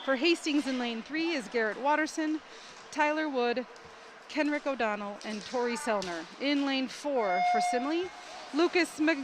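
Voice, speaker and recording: A woman doing live commentary at a swim meet in an indoor pool, excitable and rising to shouts at close finishes. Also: high voice. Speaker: sports commentator. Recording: noisy poolside ambience.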